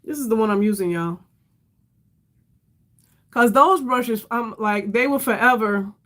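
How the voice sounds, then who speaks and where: A woman's voice: a little high, measured pace, fairly bright tone. A middle-aged woman hosting a casual makeup livestream, chatty and rambling, calling her viewers "y'all" and sounding tired. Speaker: beauty livestream host.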